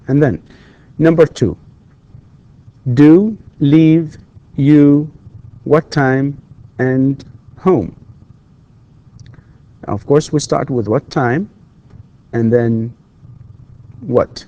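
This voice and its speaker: A man giving a recorded university English lecture, explaining slowly and patiently with repetitions and hesitations. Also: mid-range voice, gravelly, mellow, lo-fi sound. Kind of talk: recorded distance-learning lecture.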